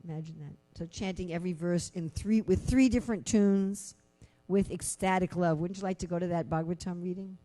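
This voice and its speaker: A woman's voice: fairly low pitch, brisk. A woman giving a conversational scripture lecture, telling stories and asking rhetorical questions, with frequent filler phrases. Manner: conversational, many "you know" fillers; animated storytelling with rhetorical questions. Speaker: lecturer at a temple class.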